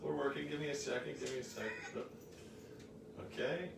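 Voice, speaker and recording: A man co-hosting a home cooking show, talking in a lively, jokey way. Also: medium pitch, a little fast, vocal fry, background noise. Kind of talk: casual chat. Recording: echoey room from far off.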